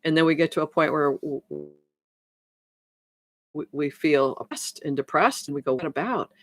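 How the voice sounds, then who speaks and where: This transformation coach addresses her live-stream viewers in a deep voice, delivered flatly at a moderate pace. She rambles and restarts often while playing out conversations.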